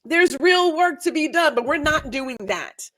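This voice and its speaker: A woman's voice: high-pitched, lively intonation, unhurried, fairly bright tone. A woman from Houston talking in a casual group chat, emphatic, repeating her points for effect. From Texas, Houston. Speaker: guest.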